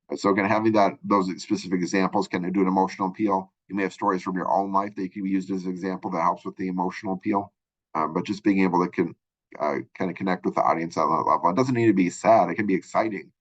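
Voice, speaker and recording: A man's voice: low voice, steady tone, fast, lo-fi sound. A male college instructor giving a recorded lecture, explaining in a rambling way with many fillers and restarts.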